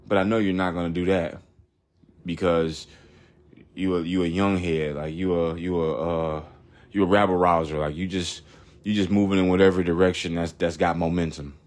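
A man in his thirties hosting a podcast, telling a long story in a rambling, blunt and profane way, full of fillers. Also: low-pitched. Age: 30s. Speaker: podcast host.

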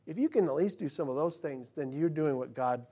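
A male pastor preaching a sermon in church, talking conversationally and swinging from loud emphasis to hushed, quiet passages. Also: on the high side, lively intonation, fairly quick.

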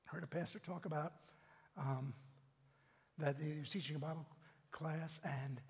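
A man preaching a sermon and leading prayer as pastor, animated and emphatic, repeating words as he builds. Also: on the high side, normal speed, breathy edge, big-room sound.

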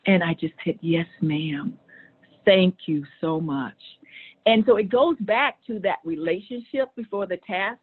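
A woman's voice: fairly low pitch, unhurried, breathy edge. Storytelling woman on a tinny line. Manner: animated, acts out quoted voices. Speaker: guest telling a story. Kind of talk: conversational storytelling.

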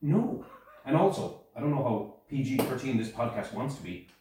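A man co-hosting a podcast, telling stories in a loose, animated way with frequent laughs. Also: medium pitch, normal speed, background noise. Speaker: podcast co-host. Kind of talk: casual chat. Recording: echoey room, mic at a distance.

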